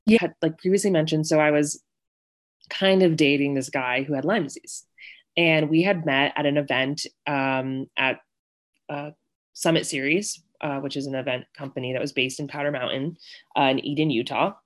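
A woman's voice: deep voice, steady tone, moderate pace. A young woman talks as an interview guest, loose and chatty, full of likes and ums. She tells her story by acting out what people said. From Connecticut and Virginia, US. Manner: chatty, many fillers, acts out quoted voices.

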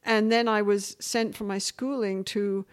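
A middle-aged English woman from England, chatting as a guest in an interview and telling stories with lively shifts of voice. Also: medium pitch, measured pace, clean tone. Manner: animated storytelling, shifting between voices. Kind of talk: casual interview chat.

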